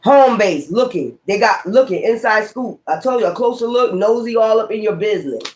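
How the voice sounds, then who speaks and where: A woman's voice: mid-range voice, animated, fairly quick, a little mellow. A woman giving a casual tarot reading in a blunt, rambling, slangy way, swearing freely and repeating key words. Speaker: tarot reader.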